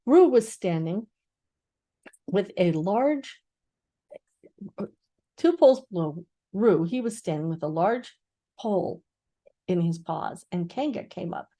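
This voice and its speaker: An older woman, a grandmother, reading a children's book aloud with expressive storytelling. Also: on the low side, slow, pauses often.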